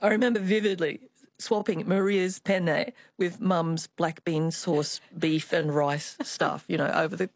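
A woman's voice: on the low side, fairly even intonation, unhurried, no echo, studio quality. An older woman, an artist, telling family stories as a guest in a radio interview. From Australia. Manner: reflective storytelling, with small restarts.

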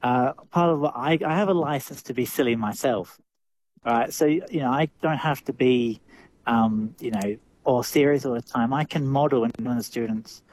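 A man's voice: mid-range voice, moderate pace, a little mellow, a little hiss or hum. A man with an Australian accent, a drama teacher answering interview questions thoughtfully, with lots of fillers and restarts.

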